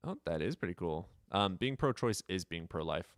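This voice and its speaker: Male streamer host, low and highly animated, dry close sound, playful and profane. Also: moderate pace, dry recording. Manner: laughs often, swears freely, teasing. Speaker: livestream host. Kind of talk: casual livestream chat.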